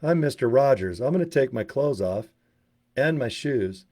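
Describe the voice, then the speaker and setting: Gentle children's TV host, slow and coaxing, as a man puts him on in a middle-pitched voice. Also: animated, lightly acted. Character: mild-mannered male children's TV host, gentle.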